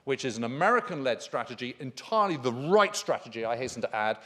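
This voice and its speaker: A man's voice: mid-range voice, sing-song, fast, sharp tone. A man giving a history lecture at a conference, speaking emphatically and enthusiastically with frequent fillers. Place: conference hall.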